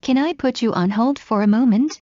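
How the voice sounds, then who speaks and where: A woman reading common English phrases aloud one by one in a clear, measured way, as in a language lesson. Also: fairly high pitch, mellow, no echo. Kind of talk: slow read-aloud phrase drills. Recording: dull lo-fi recording.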